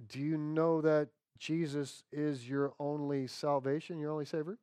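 A man preaching a sermon to a congregation, swinging between loud exclamations and hushed asides. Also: on the high side, moderate pace, few pauses, smooth, dry recording, clean studio sound. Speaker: pastor.

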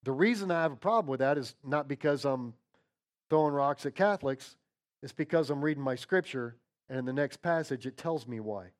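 A man preaching to his congregation in an offhand, talky way, stumbling and correcting himself as he goes. He drops his voice low and quiet for scripture, then builds to a rising, repeated chant. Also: a little fast. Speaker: pastor. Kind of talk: sermon.

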